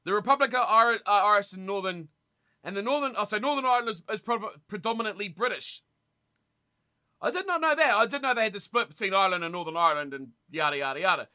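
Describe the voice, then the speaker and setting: A young man streaming a rugby watch party, commentating on the play and chatting casually with his viewers, with sudden loud reactions. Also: high voice, lively intonation, fast talker. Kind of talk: casual live commentary and chat.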